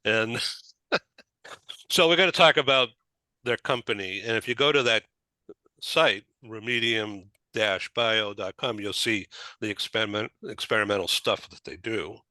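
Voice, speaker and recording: Chatty Boston host with a bright voice. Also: male voice, lowish voice, fairly even intonation, normal speed, no echo. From Boston area, USA. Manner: rambling, chatty, many restarts. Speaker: talk show host. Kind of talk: casual chat.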